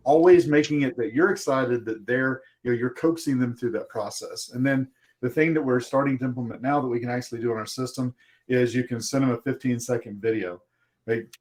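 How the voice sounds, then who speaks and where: A man on a video call roundtable explaining recruiting tactics, lively and acting out sample messages as he goes. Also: mid-range voice, fairly quick, low-quality recording. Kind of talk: casual roundtable discussion.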